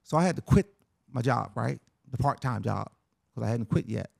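A man's voice: mid-range voice, expressive, normal speed, gravelly, dry recording, clean studio sound. A middle-aged man telling a personal story in a casual, conversational way, often tagging lines with "right?" and "man".

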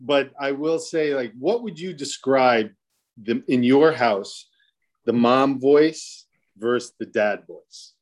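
A man's voice: mid-range voice, slow pace. Male moderator, loose rambling delivery with jokes, video-call sound. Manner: rambling, jokey, with restarts. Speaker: panel moderator. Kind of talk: casual panel discussion.

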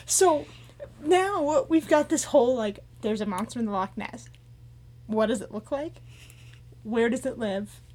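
A woman's voice: on the high side, unhurried, long pauses. A woman co-hosting a casual chat show, telling a story with lots of laughs and acted-out quotes. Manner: animated, laughs often, acts out quotes. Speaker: podcast co-host.

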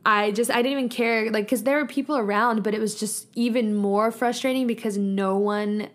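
A woman's voice: on the high side, steady tone, moderate pace. A young adult woman hosting a casual solo podcast, talking in a chatty, reflective and earnest way and filling her sentences with "like.". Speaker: podcast host.

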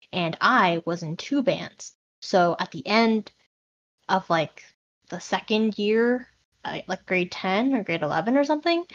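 A young Canadian woman chatting casually with friends, telling a story in a relaxed, matter-of-fact way. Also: mid-range voice. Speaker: podcast co-host. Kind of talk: casual chat among friends. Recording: dull muffled mic, faint noise.

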